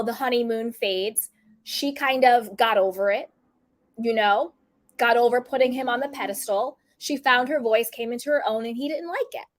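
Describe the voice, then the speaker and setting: Chatty woman vlogger, kinda high voice, opinionated, acts out quotes. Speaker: commentary vlogger. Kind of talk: casual opinion commentary.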